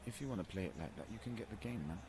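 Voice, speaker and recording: A man's voice: fairly low pitch, expressive, rapid-fire, background noise. A man, streaming a football game and cursing at his teammates in frustrated trash talk. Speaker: gaming streamer. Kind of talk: live gameplay commentary.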